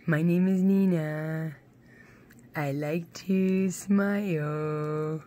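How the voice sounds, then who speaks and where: A woman voicing her lazy, playful female pet dog in a slow, simple way. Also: low-pitched, fairly even intonation, mellow. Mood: goofy.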